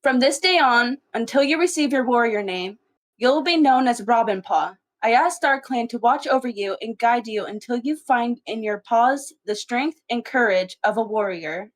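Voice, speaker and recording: A woman voicing a calm, authoritative female clan leader cat in a fan-made cat movie, measured and commanding. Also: a little high, lightly acted.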